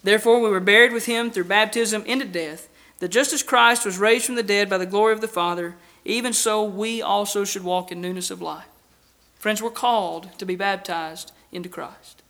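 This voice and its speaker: A man delivers a sermon in a church, his voice high and bright. He preaches earnestly, pressing rhetorical questions and swinging from forceful emphasis to hushed lines. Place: church building with a baptistry.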